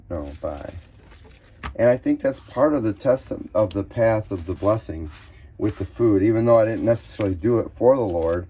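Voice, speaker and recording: Low mellow guy vlogging, just rambling about whatever, kinda scattered. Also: expressive, moderate pace, slightly rough. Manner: chatty, scattered, jumps between topics. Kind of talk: casual rambling vlog. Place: at home, then outdoors in a store parking lot.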